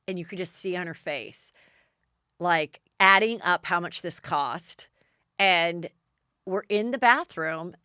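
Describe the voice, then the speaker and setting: A woman host in casual gossip chat with a low, smooth, resonant voice. She tells stories with lively, jumpy quoted voices. The sound is dry and close. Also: unhurried, no echo. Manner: chatty storytelling, acts out quotes with big pitch jumps. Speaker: podcast host. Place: Los Angeles.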